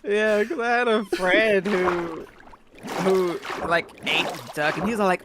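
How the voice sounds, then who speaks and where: A man's voice: high voice, unhurried, noisy background. A man chatting casually with friends while gaming, telling stories in a blunt, slangy way.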